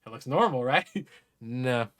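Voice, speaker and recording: A man doing casual reaction commentary, exasperated and incredulous, swearing and swinging from muttering to loud outbursts. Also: medium pitch, animated, a little slow. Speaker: gaming YouTuber reacting to a response video.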